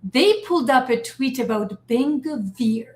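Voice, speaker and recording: A woman hosting a casual political talk stream, animated and emphatic as she speaks straight to her viewers. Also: sits high, measured pace, low-quality recording. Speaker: show host. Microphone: streaming setup.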